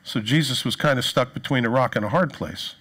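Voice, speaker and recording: Preaching from the pulpit, this man animates his stories and performs the voices of those he quotes. He has a husky, mid-pitched voice and talks fairly quickly.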